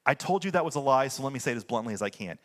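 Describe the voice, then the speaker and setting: A man's voice: mid-range voice, animated, racing. An American pastor in his thirties preaching a sermon in a conversational way, often saying "like" and landing blunt points. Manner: conversational preaching, fillers like "like", swings into blunt punchlines.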